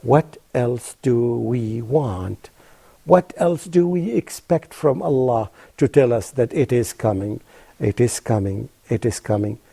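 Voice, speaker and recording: A man presenting a religious lesson on television, emphatic and repetitive for stress, slowing down to pronounce Arabic terms carefully. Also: medium pitch, creaky, dark tone, slightly rough. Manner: emphatic, repeats phrases for stress. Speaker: TV presenter teaching Quran reflections. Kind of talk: religious lecture.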